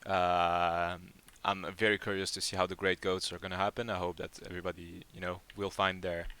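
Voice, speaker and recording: A man's voice: low-pitched, little pitch movement, brisk, sharp tone, clear, resonant tone. A man hosting a live community Q&A, chatting casually and rambling with lots of fillers and restarts. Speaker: project lead hosting a community AMA.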